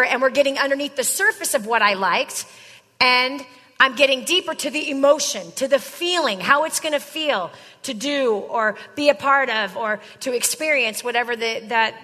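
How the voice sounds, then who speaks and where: Woman, sales trainer, high voice, emphatic, long hall reverb. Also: pushed and bright. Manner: emphatic, drills points with repeated "right?" and "okay?". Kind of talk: live sales coaching session.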